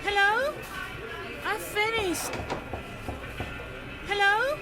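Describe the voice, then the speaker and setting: A fretful old woman's voice, shrill and thin, pitched up into a very high falsetto, as a man puts her on. She drags out her words slowly. Music plays faintly behind her. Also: exaggerated voice. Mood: plaintive.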